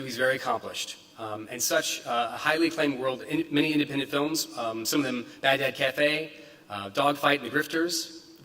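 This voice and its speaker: A man's voice: medium pitch, pushed and bright. Man introducing a speaker in a distant echoey hall. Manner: reads from notes with fillers and stumbles. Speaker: event host introducing the speaker. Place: event hall.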